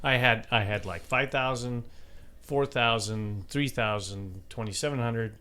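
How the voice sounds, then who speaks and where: A man's voice: mid-range voice, unhurried, sharp tone, smooth. A man in casual podcast chat who throws in dry wisecracks and rambles through explanations.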